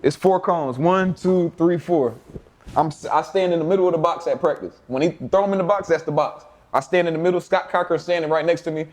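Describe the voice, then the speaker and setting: A man's voice: on the high side, brisk, a little mellow. A young man telling laid-back, profane stories as an interview guest, often laughing and acting out his coaches' voices. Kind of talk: casual storytelling.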